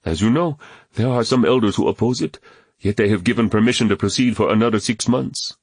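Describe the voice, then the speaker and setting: A man's voice: lowish voice, brisk, slightly rough, no echo, studio quality, pitched above the performer's own voice. A man voicing a loyal male henchman who speaks carefully and respectfully. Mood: deferential.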